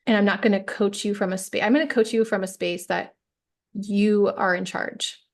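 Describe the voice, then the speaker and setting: Reflective woman coach, gravelly voice. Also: mid-range voice, fairly even intonation, moderate pace. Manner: reflective, emphatic, peppers with "right?". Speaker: healing coach guest. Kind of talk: casual interview chat.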